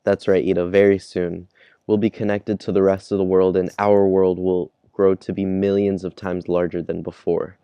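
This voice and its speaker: A man's voice: sits low, little pitch movement, moderate pace, clear, resonant tone, no room sound, muffled recording. A man voicing a giant king, reading his lines aloud in an earnest way. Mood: hopeful.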